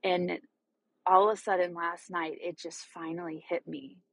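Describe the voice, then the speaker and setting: A woman in her thirties telling a personal story in a vlog, halting and tearful, often restarting her sentences. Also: lowish voice, flat delivery, creaky, a bit bright, breathy edge, no echo. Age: 30s. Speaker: vlogger. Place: parked car.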